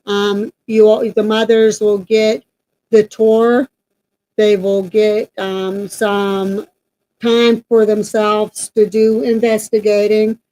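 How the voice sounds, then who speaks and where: A woman talks in a loose, rambling way, full of ums and restarts. Her voice is mellow and dark, set at an ordinary pitch for a woman. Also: little pitch movement, slow pace, rough recording. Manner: chatty, rambling with many fillers. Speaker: paranormal team member and co-host. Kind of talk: casual announcement chat.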